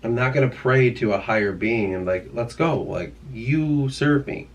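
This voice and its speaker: A man's voice: mid-range voice, normal speed. A young man musing casually to his camera at home, rambling and swearing often, trailing off mid-thought. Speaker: vlogger. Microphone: camera mic.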